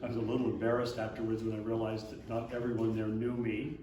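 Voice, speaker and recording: An older man, an abbot, telling a lively story to a congregation, now and then throwing in a big booming laugh. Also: fast talker. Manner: animated storyteller, booming put-on Santa laughs. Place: church hall. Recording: echoey hall, speaker far from mic, faint hiss.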